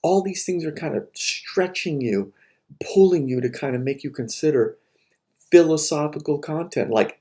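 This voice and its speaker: A man's voice: a little high, lively intonation, normal speed, dark tone. A man lecturing on philosophy to his students in a conversational way, firing off rhetorical questions. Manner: conversational, asks rhetorical questions, acts out frustrated voices. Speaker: philosophy teacher. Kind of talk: recorded lecture.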